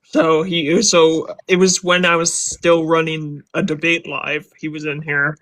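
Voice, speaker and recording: Man, stream host, crude banter, laughing, slightly high pitch. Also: flat delivery, a little slow, a bit bright. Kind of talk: casual group chat on a live stream.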